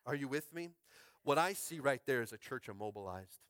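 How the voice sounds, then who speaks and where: A man preaches with fervor as the pastor of a small church. He drifts between soft, thoughtful musing and shouted climaxes, calling out to his congregation. His voice sits at a middle pitch and is captured dry and close. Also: lively intonation, fairly quick, clean tone, no room sound. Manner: fervent, swings from quiet musing to shouted climaxes; calls out to the congregation. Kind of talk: sermon. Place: school space used as a church.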